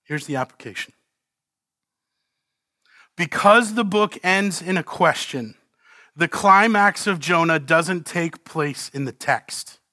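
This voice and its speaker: A man preaching a sermon with fervor, moving between quiet, earnest points and loud, pleading cries, and ending in prayer. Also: on the high side, takes it slowly, long pauses, dry recording, clean studio sound. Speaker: pastor. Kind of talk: closing prayer.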